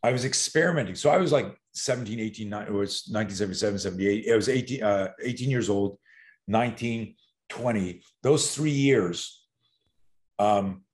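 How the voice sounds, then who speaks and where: A man in his sixties telling stories as a podcast guest. He is animated and profane, and he acts out quotes. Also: lowish voice, normal speed. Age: 60s. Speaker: self-defense expert guest. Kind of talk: podcast storytelling.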